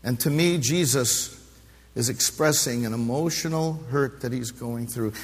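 A middle-aged male pastor preaching a sermon, impassioned, rising to loud emphatic peaks and dropping to hushed low passages. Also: measured pace, slightly rough. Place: church sanctuary during a service. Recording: long reverb of a large church hall.

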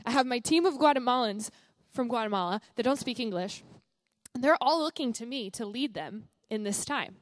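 A young woman missionary from the American South tells her testimony to a church congregation in a chatty, earnest way, with plenty of ums and likes. Her voice sits somewhat high. The recording is close and dry. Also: lively intonation, moderate pace, no echo. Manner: chatty, earnest, with many fillers.

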